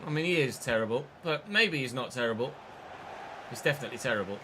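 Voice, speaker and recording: A man streaming a football video game, giving an excitable, sweary running commentary on the play. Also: mid-range voice, fast talker, noisy background. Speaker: gaming streamer. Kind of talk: live gameplay commentary.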